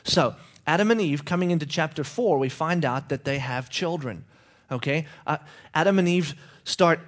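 Conversational male preacher, higher voice. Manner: conversational, checking in with "okay?". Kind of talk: sermon.

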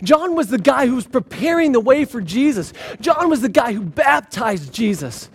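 A man with a strikingly high voice preaches a sermon. He retells the scripture stories in a lively, casual way and drops dry, sarcastic asides along the way. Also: normal speed, breathy edge. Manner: animated storytelling with sarcastic asides. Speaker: pastor.

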